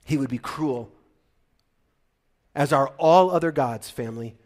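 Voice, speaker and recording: This middle-aged preacher has a mid-range voice and a measured pace. His sermon rises to loud, animated excitement and sinks into hushed moments where he sounds choked up.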